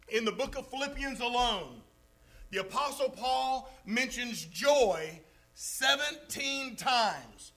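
High-voiced, slow, emphatic male preacher. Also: pushed and bright, low-quality recording. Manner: emphatic, drawn-out stresses on key words. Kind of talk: sermon.

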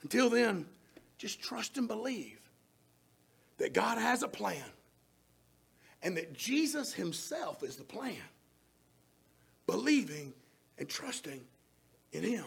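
A man preaching a sermon, swinging between shouted emphasis and soft near-whispers. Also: sits high, very animated, slow, vocal fry, long pauses, husky. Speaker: pastor.

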